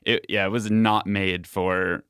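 A young man tells his story on a casual podcast in a plain, matter-of-fact way. His voice is low and smooth, recorded close and dry. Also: little pitch movement, unhurried, a bit bright, dry recording. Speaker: guest. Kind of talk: casual interview chat.

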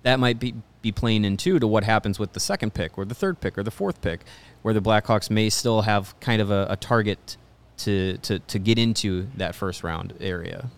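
A man co-hosting a sports show in a studio, thinking aloud in a halting way and repeating words as he goes. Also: fairly low pitch, clean tone. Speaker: sports podcast co-host. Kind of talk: casual sports chat.

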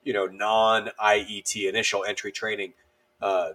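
In a lowish voice at a moderate pace, a man in his thirties who is an army veteran tells stories as a guest, casually. He's animated, reenacting the characters' lines and using lots of fillers.

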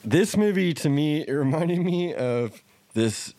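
A man's voice: on the high side, expressive, a little slow, dark tone, no room sound. A man co-hosting a movie podcast, talking casually and enthusiastically, with frequent laughs and swearing. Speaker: podcast co-host.

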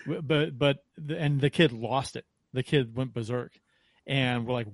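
A man co-hosting a hockey podcast, trading stories in a relaxed, casual way. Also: mid-range voice, unhurried, no room sound. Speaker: podcast co-host. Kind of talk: casual chat.

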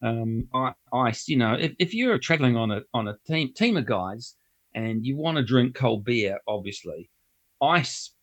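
A man's voice: medium pitch, animated, normal speed. A man with a New Zealand accent telling funny anecdotes in casual chat, laughing often and acting out other people's lines. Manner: laughs often while telling anecdotes, acts out voices in quotes.

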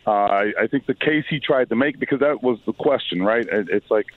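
A hoarse man with a raspy voice, a sports reporter on a phone-in radio interview, thoughtful and hesitant with many fillers and restarts. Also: mid-range voice, lively intonation, brisk. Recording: phone line.

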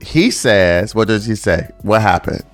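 A fairly low-voiced man hosts a laid-back true-crime podcast. He gives blunt, opinionated takes, swears freely and teases his co-host. Faint music sits under the talk. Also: expressive, measured pace. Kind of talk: casual true-crime chat.

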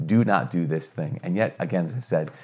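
A middle-aged man, a priest, giving a conversational teaching, earnest and energetic with rhetorical questions and frequent restarts. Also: low voice, a little fast, slightly rough.

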